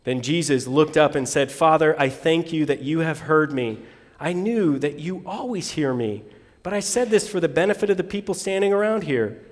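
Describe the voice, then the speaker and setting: A man preaching a sermon in a slightly high voice. He reads scripture with dramatic swings between loud bursts and near whispers. A long reverb trails behind him. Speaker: pastor.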